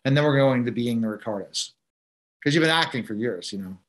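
A man hosting a casual interview, with a voice of ordinary pitch for a man. He jumps in with eager follow-up questions and short encouraging replies while his guest talks. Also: animated, a little fast. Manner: eager, prompting questions, brief backchannel replies. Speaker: show host, interviewer.

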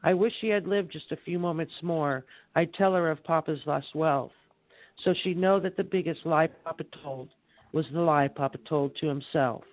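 A man reading his rhyming poem aloud in a measured recital on a live poetry show. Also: fairly high pitch, no echo. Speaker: poet reading on air. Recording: tinny phone line.

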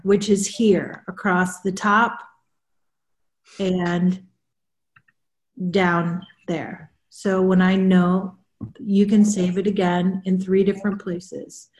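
A woman spiritual counselor chatting casually on a group video call, explaining in an unhurried way and often repeating herself. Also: medium pitch, fairly even intonation. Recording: roomy echo.

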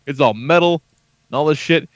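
Here a man in his thirties hosts a podcast, telling a story with casual swearing and plenty of quoted dialogue. His slightly high voice keeps a moderate pace, and the recording is dry, dull, and lo-fi.

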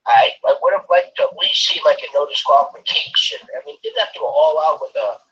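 A man's voice: a little high, huge pitch swings, fairly quick, a bit bright, far from the mic, dull audio. A man co-hosting a casual wrestling review show, rambling with plenty of ums and restarts. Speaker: podcast co-host.

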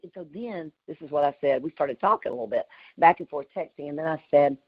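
A woman, telling an animated story with exclamations on a group call. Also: low voice, fast, breathy edge, dull audio. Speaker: community call participant.

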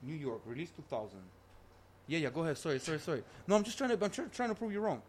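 Fast-talking profane man in casual banter. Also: fairly high pitch, a little hiss or hum. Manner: fast, profane, excitable, talks over his partner. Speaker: podcast co-host. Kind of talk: casual chat.

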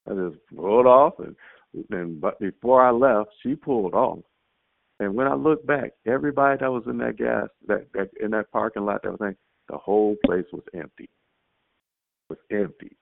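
A man tells a testimony on a prayer line in a lively storytelling way, acting out what he and others said. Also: fairly low pitch, normal speed, vocal fry, dry recording. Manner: animated storytelling, acts out his own quotes. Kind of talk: casual spoken testimony. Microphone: phone. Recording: tinny phone line, dry.

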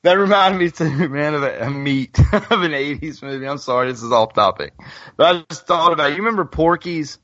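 A man's voice: fairly high pitch, brisk, a bit bright, no echo. A man co-hosting a podcast in casual chat, rambling, restarting sentences, full of "you know". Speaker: podcast co-host. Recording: dull lo-fi podcast audio.

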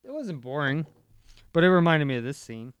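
Deep-voiced wisecracking woman co-host. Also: very animated, brisk, clear, resonant tone, no room sound, lo-fi sound. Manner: wisecracking, teasing banter. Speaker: podcast co-host. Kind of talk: casual true-crime chat.

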